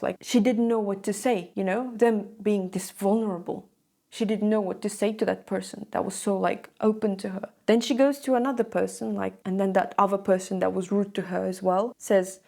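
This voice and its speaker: Young woman vlogging, chatty storytelling, lots of "like" and "okay", bit of vocal fry. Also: medium pitch, steady tone, normal speed, mellow. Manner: chatty, frequent "like" and "okay?" check-ins. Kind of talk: casual storytelling to camera.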